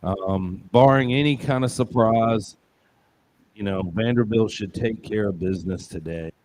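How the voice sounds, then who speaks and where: A man's voice: lowish voice, a little slow, a little mellow, a little hiss or hum. A man co-hosting a casual football picks show, joking and rambling with punchy asides. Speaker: show co-host. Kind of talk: casual sports betting chat.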